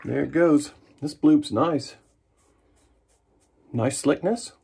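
A man's voice: fairly high pitch, slow pace, vocal fry, slightly rough. A man chatting casually and jokingly as he narrates his own shave in a vlog. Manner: relaxed, chatty and jokey while shaving. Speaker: wet shaving vlogger.

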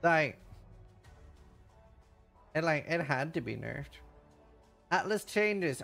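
A man on a live stream reads game update notes aloud, rattling through them at speed and then jumping in with loud reactions. His pitch swings widely as he reacts. Faint music plays softly behind him. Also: vocal fry. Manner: reads lines quickly, then reacts with loud excited outbursts. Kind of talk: livestream reading of patch notes with reactions.

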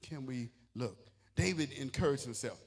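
A pastor preaching a sermon with call-and-response, building from soft talk to shouted declarations, with a St. Louis accent. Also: male voice, medium pitch, lively intonation, moderate pace, breathy edge. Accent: St. Louis, Missouri. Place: church sanctuary. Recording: long reverb of a large church hall.

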